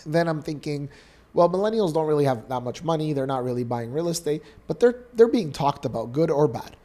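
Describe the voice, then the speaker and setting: Telling a heartfelt personal story, this Canadian podcast co-host in his thirties sounds sincere and lively. His voice leans high and his delivery is brisk.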